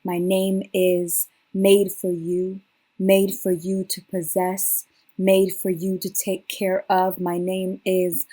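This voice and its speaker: A woman performing spoken word poetry in a measured, incantatory delivery. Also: medium pitch, a little mellow. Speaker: poet.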